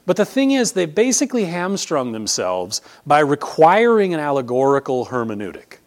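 A man, a pastor, teaching a sermon in a conversational, animated way with jokey asides. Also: mid-range voice, quick pace, hardly any pauses.

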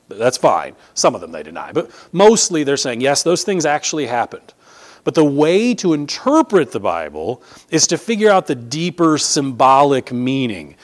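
A man, a pastor, teaching a sermon in a conversational, animated way with jokey asides. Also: medium pitch.

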